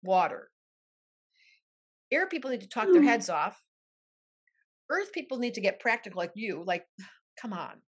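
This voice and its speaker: Excitable older woman astrologer, higher voice. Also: moderate pace, breathy edge. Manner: excitable, animated, acts out voices in quotes. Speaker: astrologer and guest. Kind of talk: enthusiastic interview talk.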